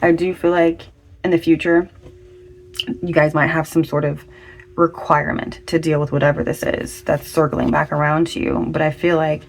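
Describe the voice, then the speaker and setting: A woman's voice: sits low, creaky. A woman giving a casual pick-a-card tarot reading, chatty and slangy, with lots of affirming fillers. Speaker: tarot reader.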